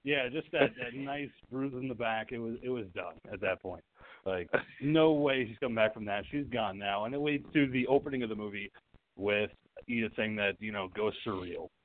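A man co-hosting a horror film podcast, chatting casually, animated and laughing, with frequent swearing. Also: on the low side, normal speed. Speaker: podcast host. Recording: tinny dry phone-like line.

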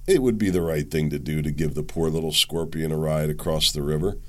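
A man's voice: rumbling low, fairly quick, voice pushed down. A man voicing a trusting frog in a fable, who hesitates before agreeing. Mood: hesitant.

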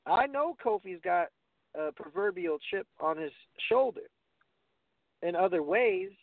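A gravelly, high-sitting male voice with lively intonation and a measured pace co-hosts a casual wrestling show. Blunt and profane, he restarts frequently, and the phone-like audio is dry with no echo.

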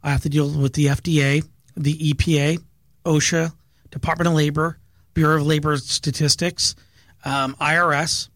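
A man's voice: on the high side, level tone, normal speed, a bit bright, no room sound. A middle-aged man, a business owner and podcast guest, telling stories from his working life in an eager, earnest way and repeating words as he goes. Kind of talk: storytelling in a podcast interview.

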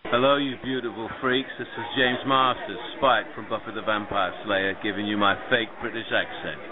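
A man's voice: fairly low pitch, fairly even intonation, normal speed. A man reading a theatrical promo intro in a fake British accent. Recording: tinny phone-line audio over crowd.

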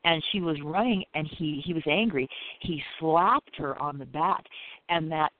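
A man's voice: a little high, moderate pace, slight background noise. A man, a Reiki practitioner, chatting on a radio show in a loose, rambling way, filling his talk with "you know" and "it's like.". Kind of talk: casual radio chat. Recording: tinny phone line.

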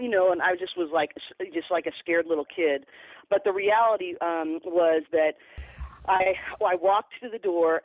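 A woman's voice: on the low side, dry recording. A woman basketball coach, a podcast guest, telling stories earnestly and often restarting her sentences. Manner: earnest, repeats words when starting sentences. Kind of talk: storytelling interview answers. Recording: tinny phone line, dry.

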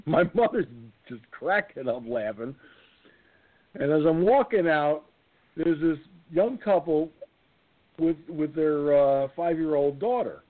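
A man in his sixties hosting a casual talk show, telling a comic anecdote and jumping into silly high voices. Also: lively intonation, takes it slowly. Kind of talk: casual storytelling chat. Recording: phone-line audio.

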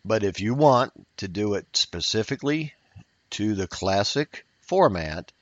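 Slow, low-voiced man teaching a workshop. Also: lively intonation, no echo, lo-fi sound. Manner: patient, explanatory, with fillers and repetitions. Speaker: poetry workshop leader. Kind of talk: workshop lecture.

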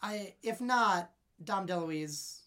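A woman co-hosting a casual movie podcast, animated and laughing often, with quick asides. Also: medium pitch. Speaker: podcast co-host.

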